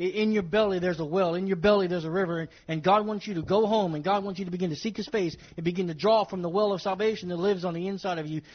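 A high-voiced man preaches to his congregation. He leans hard on his phrases, repeating them and calling out to the people in front of him. The recording is dull and lo-fi, with the top end rolled off. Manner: emphatic, repeats phrases, addresses congregation directly. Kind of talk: sermon. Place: church service with congregation.

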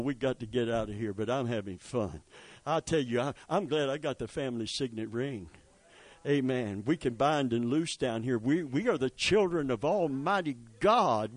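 A man preaching a sermon, swinging from quiet storytelling to loud rising exhortation with asides to the congregation. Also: a little high, no echo. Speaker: pastor.

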